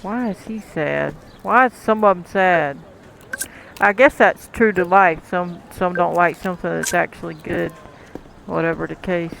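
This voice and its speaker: High, gravelly man chatting through a game. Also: measured pace, fairly bright tone, a little hiss or hum, low-quality recording. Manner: chatty, talks to the game's customers, chuckles often. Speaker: gameplay commentator. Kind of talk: casual gameplay commentary.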